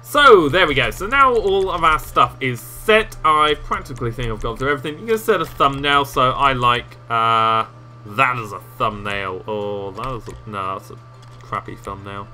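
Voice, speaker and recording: A man walking viewers through video editing software in a casual, rambling tutorial with self-mocking asides, recorded on a desktop microphone. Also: medium pitch, animated, normal speed, soft background music. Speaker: game tutorial host.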